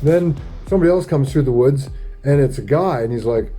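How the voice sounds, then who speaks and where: A man's voice: medium pitch, a little fast, mellow, soft background music. A man telling a rambling, profane story in a casual vlog. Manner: profane, rambling, laid-back. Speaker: vlogger.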